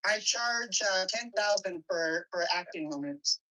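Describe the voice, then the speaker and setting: A woman's voice: medium pitch, a little slow, bright, forceful tone, distant mic, poor audio. A woman appearing as a guest on a casual call-in chat, answering in a defensive, matter-of-fact way.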